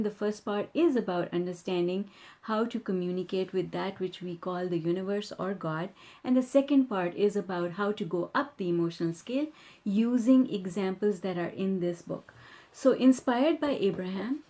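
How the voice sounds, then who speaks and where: A woman self-help author teaching in a calm, affirming way and reading passages aloud from her book. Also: mid-range voice.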